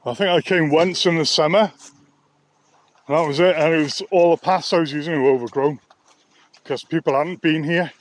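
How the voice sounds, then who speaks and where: A man's voice: on the high side, steady tone, normal speed, pauses often. Chatty man out walking. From Wales. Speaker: vlogger and sound therapist. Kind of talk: casual walk-and-talk vlog. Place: outdoors on open coastal nature reserve.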